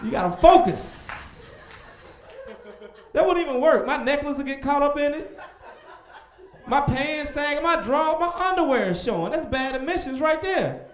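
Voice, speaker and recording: Animated young comedian, high and lively. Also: male voice, moderate pace, pauses often. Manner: animated, with loud shouted voices for punchlines. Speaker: stand-up comedian. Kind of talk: stand-up comedy set. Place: comedy club stage. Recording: echoey club stage.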